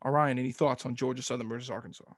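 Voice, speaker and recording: A man's voice: medium pitch, steady tone, racing, no room sound, studio quality. A man co-hosting a casual sports podcast, ranting with energy and laughing often. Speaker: podcast co-host.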